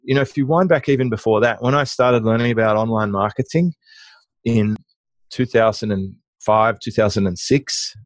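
A middle-aged man being interviewed as a guest, telling business anecdotes in a lively conversational way with frequent restarts. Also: fairly low pitch, moderate pace, dry recording. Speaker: guest, online marketing business owner.

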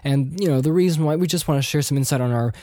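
A man's voice: on the high side, quick pace, warm tone, no echo, studio quality. Rambling young man, slightly nasal. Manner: rambling, self-deprecating, many restarts. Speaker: podcast host. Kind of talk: casual solo podcast chat.

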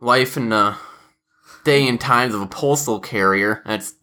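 A woman's voice: very deep voice, measured pace, pushed and bright. A woman hosting a casual podcast chat, telling work stories as a postal carrier, acting out coworkers' voices and laughing often. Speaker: podcast host.

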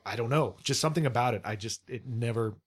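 A man of ordinary pitch talking in a casual podcast chat. He hesitates, repeats his words and fills pauses, then settles into plain opinions. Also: breathy edge. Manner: hesitant, many fillers and restarts.

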